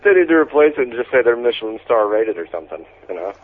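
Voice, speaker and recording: A man co-hosting a podcast, deadpan and sardonic in casual banter. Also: medium pitch, quick pace. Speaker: podcast co-host. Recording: tinny phone-line sound.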